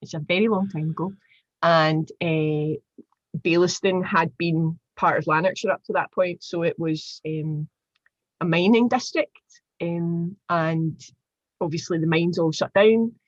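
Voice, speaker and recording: A Glaswegian woman in her forties, a guest telling animated stories in a casual chat with lots of fillers. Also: lowish voice, measured pace, dry recording, highs cut off. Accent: Glaswegian Scottish. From Glasgow, Scotland. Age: 40s. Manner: animated storyteller, chatty with many fillers.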